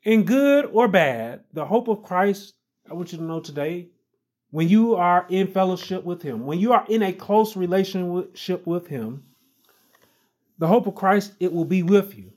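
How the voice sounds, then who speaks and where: Preaching a sermon, this man sounds high-pitched and animated with a darkish tone. He goes slowly and emphatically, repeating key phrases with mounting stress.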